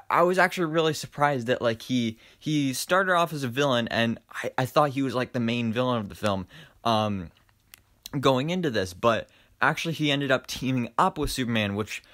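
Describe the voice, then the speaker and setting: A young man casually reviewing an animated film, enthusiastic and rambling, with lots of fillers and restarts. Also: mid-range voice. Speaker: movie reviewer.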